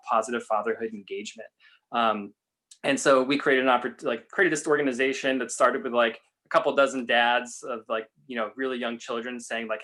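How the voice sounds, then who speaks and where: A man's voice: medium pitch, fairly quick. Regular guy on a video call, mid voice, earnest and chatty, lots of ums. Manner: earnest, animated storytelling with many fillers. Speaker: panelist, father of young children. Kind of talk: personal story in a panel discussion.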